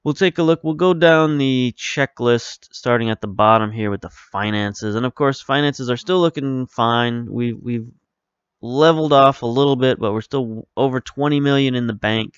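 A man's voice: medium pitch, moderate pace, clear, resonant tone, no echo, lo-fi sound. A man hosting a video game series, talking casually and rambling through his thoughts, often stopping to correct himself. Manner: rambling, self-correcting, relaxed. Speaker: video game let's-play host. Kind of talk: casual commentary over gameplay.

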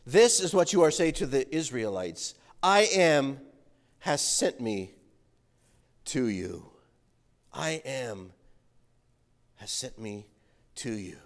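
A man voicing God in a sermon, reading slowly and sinking low and quiet. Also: sing-song. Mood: solemn. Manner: slow, dropping low and quiet. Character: solemn voice of God, slow and grave. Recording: reverberant church hall.

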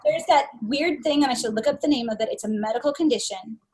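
A woman with a high voice talks in a loose, casual podcast conversation. She tells stories with energy and slips into little acted-out bits of her own inner voice. The delivery stays chatty and expressive. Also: fast talker. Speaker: podcast co-host.

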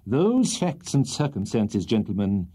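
Narrator putting on a grand, pompous courtroom barrister, slow and weighty, lively swoops in pitch, husky low voice. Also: male voice, heavily acted. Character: pompous middle-aged male trial barrister.

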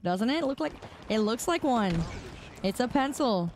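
Greeting viewers by name and laughing often, a young woman chats casually while streaming a shooter game. She speaks at a measured pace in a fairly high, animated voice. Clicking comes through the noisy recording.

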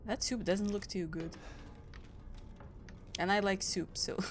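A woman's voice: medium pitch, slow pace, a little hiss or hum. A woman from Europe hosting a gaming channel, reacting aloud and chatting through a let's play. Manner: chatty, reacting aloud, frequent small laughs.

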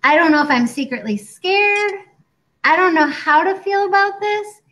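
High-voiced gal in her 40s, chatty and animated, casual co-host talk. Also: normal speed, poor audio. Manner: chatty and animated, acting out quoted doctors. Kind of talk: casual chat.

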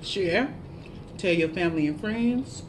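A woman's voice: lowish voice, slow pace, background noise. Chatty woman eating on camera. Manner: chatty, chewing and humming between bites; laughs at herself, animated shout-outs to viewers. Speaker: mukbang vlogger. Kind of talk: casual eating vlog chat.

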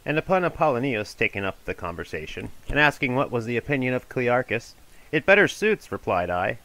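A man giving a measured, formal audiobook reading of an ancient philosophical dialogue. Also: mid-range voice, fairly bright tone, low-quality recording. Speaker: reader of a classical dialogue.

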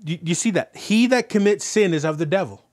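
A man's voice: high-pitched, fairly quick. A man preaching a sermon as pastor, telling a story and then driving points home with repeated rhetorical questions. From Canada. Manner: animated preaching, rhetorical questions, rising loud on key points.

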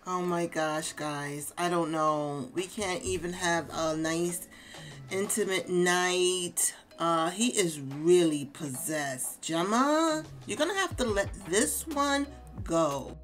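A woman hosting a casual game let's play, chatting to viewers and reacting out loud to the game. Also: on the low side, slow, faint music behind.

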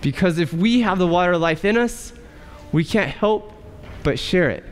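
Preaching pastor with a smooth voice in a reverberant church. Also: male voice, sits high, lively intonation, soft background music. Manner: preaching with rhetorical questions and dramatic pauses. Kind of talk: sermon. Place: church sanctuary.

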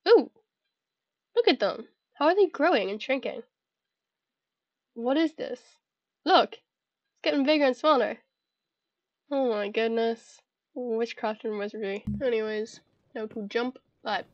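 Young Irish woman gamer, higher voice, rambling and giggly, muffled home mic. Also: animated, unhurried, pauses often, no echo. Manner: chatty, giggly, talks to herself. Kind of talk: casual gameplay commentary.

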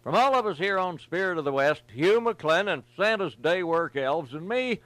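A man's voice: high-pitched, animated, moderate pace, a bit bright, no room sound. A man, the show's host, reciting a funny rhyming cowboy poem in a wry, folksy storytelling manner. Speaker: radio show host and cowboy poet. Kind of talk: reciting comic rhyming poetry. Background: music.

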